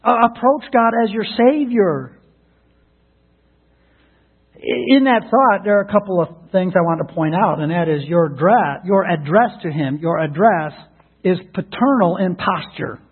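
Male pastor, husky, higher register, earnest sermon delivery with restarts; phone-thin radio sound. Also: moderate pace. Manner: earnest, repeats words when starting a thought. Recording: tinny narrowband radio broadcast.

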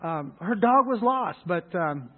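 A middle-aged man pastor telling a folksy, halting personal story in his sermon, voicing people with raised shouts. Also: high voice, animated, husky. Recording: echoey hall, phone-like sound.

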